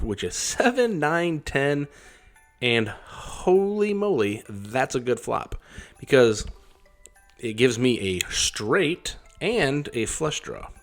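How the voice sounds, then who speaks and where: A man casually talking through his poker hands as a vlogger, in a rambling, wry and self-deprecating way. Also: medium pitch. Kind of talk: casual poker hand commentary.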